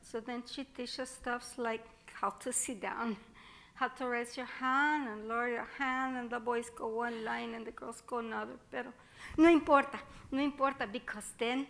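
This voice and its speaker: A woman's voice: a little high, steady tone, moderate pace, creaky, fairly bright tone. A woman performing a spirited Mexican-American little girl starting first grade, chatty and childlike, with a Mexican-American accent and Spanish phrases mixed in. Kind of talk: one-woman theatre monologue.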